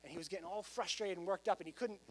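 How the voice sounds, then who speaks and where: Man preaching an animated sermon. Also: sits high, racing. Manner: animated preaching, rising to loud emphasis. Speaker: pastor.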